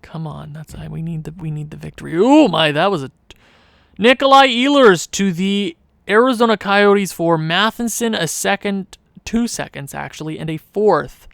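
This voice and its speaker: Man rambling through gameplay commentary, gravelly. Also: high-pitched, normal speed, no room sound, studio quality. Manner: thinks aloud, rambling and hesitant with restarts; swings from mumbling to sudden excited outbursts. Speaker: gaming channel host.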